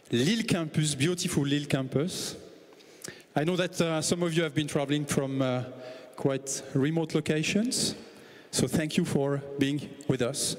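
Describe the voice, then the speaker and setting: A man with a French accent gives a slow, halting ceremony speech with many pauses. His voice sits a little high. It carries through a large hall with long reverb. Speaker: school dean giving a speech. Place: graduation ceremony hall, on stage.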